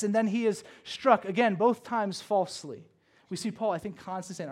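Male preacher, high voice, animated sermon delivery, swings loud to hushed, chatty asides. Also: normal speed. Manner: conversational asides with frequent "okay?" and "right?".

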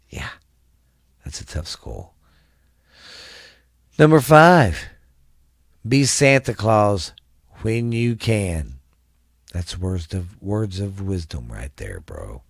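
A worn-out man with a drawl runs his own podcast, rambling loosely and crudely. His voice sits a bit low and drags along slowly. The sound is dry and close, with no room around it. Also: no echo. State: tired. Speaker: podcast host. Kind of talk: casual solo podcast chat.

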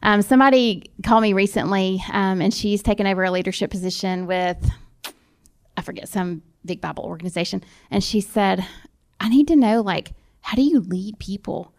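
A woman ministry leader giving practical advice to a class in a relaxed, chatty way, laughing at herself. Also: medium pitch, moderate pace. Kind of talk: casual talk to a class.

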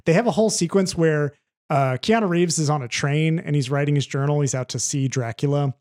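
A man co-hosting a film podcast in casual chat, animated and rambling, swearing freely. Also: fairly high pitch, brisk. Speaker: podcast co-host reviewing films.

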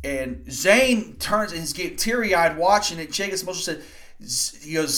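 Guy in his 20s rambling excitedly on his podcast, kinda higher voice, cussing here and there. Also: moderate pace. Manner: rambling, excitable, profane storytelling. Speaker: podcast host. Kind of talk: casual wrestling recap podcast.

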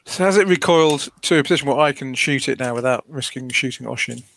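A man playing in a tabletop game, deliberate and wry, asking careful rules questions. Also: mid-range voice, gravelly, fairly bright tone, dry recording. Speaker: player. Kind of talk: casual tabletop play.

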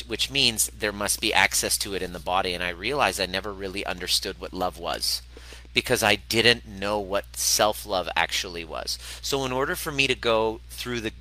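Bright-voiced man speaking candidly. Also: on the low side, rough recording. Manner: candid, swears casually, many restarts. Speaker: podcast host, relationship coach. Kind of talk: casual spoken monologue.

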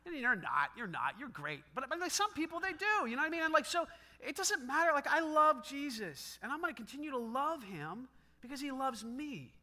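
A middle-aged male pastor with a very high, sharply bright voice, preaching in a loose, chatty way. He swings his pitch around a lot, acts out quick back-and-forth exchanges and laughs along with his own stories. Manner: animated, conversational, acts out dialogue, laughs often. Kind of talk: sermon.

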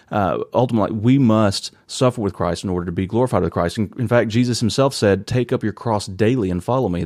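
Earnest male preacher, low dry voice. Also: a little mellow, no room sound. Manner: earnest, conversational preaching with rhetorical questions. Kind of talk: sermon.

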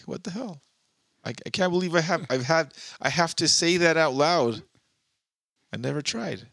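Man, bright and forward tone, dry sound; crude, jokey host who laughs a lot. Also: fairly high pitch, lively intonation, moderate pace, creaky, dry recording. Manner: crude, joking banter, laughs often. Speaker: podcast host. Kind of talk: casual chat.

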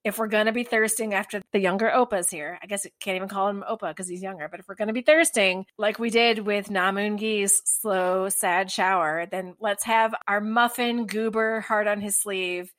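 A woman co-hosting a podcast, casually weighing up a drama series and sometimes speeding up when she gets excited. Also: medium pitch, moderate pace, few pauses. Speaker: podcast co-host.

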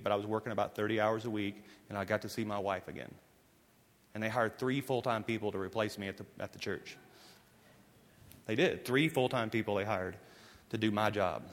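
Emphatic male pastor in a reverberant hall. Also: on the low side. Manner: emphatic storytelling, swinging between forceful and hushed. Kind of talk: sermon.

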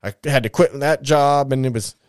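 A man's voice: mid-range voice, normal speed, clear, resonant tone, no echo, clean studio sound. A young man bluntly telling his life story in casual, profane talk, full of restarts.

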